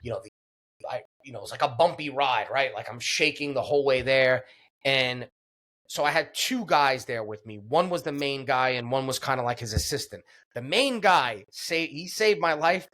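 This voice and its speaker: A man's voice: mid-range voice, animated, normal speed, a bit bright. A man guest on a podcast, earnestly retelling a personal story with many fillers and restarts.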